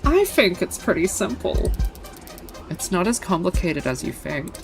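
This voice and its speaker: A woman's voice: fairly low pitch, sing-song, unhurried, over music. A woman voicing a cynical, defiant outlaw in a dramatic reading of game dialogue, with an intense delivery that builds to a chant. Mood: bitter. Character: cynical, defiant outlaw giving a ruthless speech.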